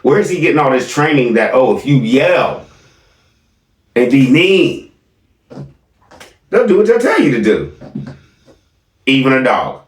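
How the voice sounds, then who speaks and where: A man's voice: medium pitch, very animated, unhurried, pauses often, roomy sound, recorded from a distance. A man giving sarcastic reaction commentary on video clips, questioning his viewers.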